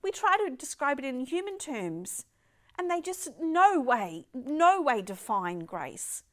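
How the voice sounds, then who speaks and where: Older woman, high voice, emphatic devotional speaker who slips into whispers and piles up words of praise. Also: sing-song, slow pace. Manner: emphatic, often drops to a soft whisper. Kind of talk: devotional talk.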